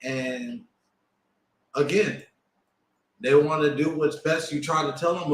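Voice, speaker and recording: A man's voice: fairly high pitch, fairly even intonation, slow, pauses often. A man co-hosting a casual podcast discussion, talking in a conversational, probing way. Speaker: podcast co-host. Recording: echoey room.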